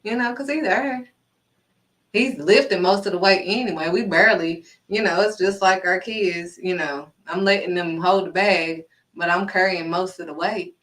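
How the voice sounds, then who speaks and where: An animated woman giving an informal faith talk, slipping into acted-out dialogue as she goes. Her voice sits at an ordinary pitch and sounds slightly removed from the microphone. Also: moderate pace, recorded from a distance, rough recording. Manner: animated, acts out quoted dialogue. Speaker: faith vlogger. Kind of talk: casual inspirational faith talk.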